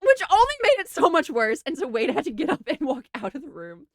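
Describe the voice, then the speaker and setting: A young woman streamer telling a funny travel story to her chat, animated and giggly, with lots of laughing and filler words. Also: high voice, a little fast, dry recording, clean studio sound. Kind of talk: casual storytelling to a livestream chat.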